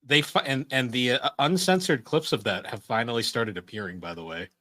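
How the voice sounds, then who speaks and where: A man co-hosting a casual podcast, rambling through his stories and chuckling at his own jokes. His voice sits at an ordinary middle pitch. The sound is dry and close, with no room echo. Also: fairly quick, sharp tone. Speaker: podcast co-host. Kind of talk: casual chat.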